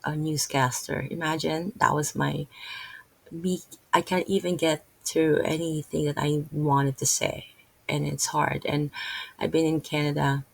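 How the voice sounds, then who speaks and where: A middle-aged woman from the Philippines with a Filipino accent, rambling earnestly in an unscripted vlog, with halting restarts and many fillers. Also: low-pitched, flat delivery, gravelly, rough recording. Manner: earnest, openly emotional about faith. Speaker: vlogger and massage therapist. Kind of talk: unscripted casual vlog talk.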